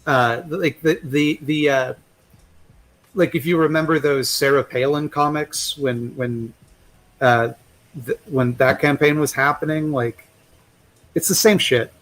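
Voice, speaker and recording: A man's voice: a little high, measured pace, fairly bright tone, rough recording. A man talking as a guest in a casual chat, rambling and swearing, with many restarts and fillers.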